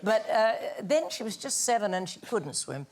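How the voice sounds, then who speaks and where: An older woman telling an anecdote as a talk show guest, animated and acting out the lines she quotes. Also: mid-range voice, moderate pace. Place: TV studio with live audience.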